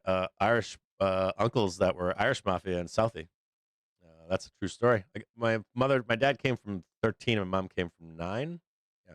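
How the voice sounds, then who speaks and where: A man's voice: fairly low pitch, clear, resonant tone, no room sound. Rambling, profane man from Boston. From Boston, USA. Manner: rambling, profane, with frequent fillers. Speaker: live stock market show host. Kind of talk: casual livestream chat.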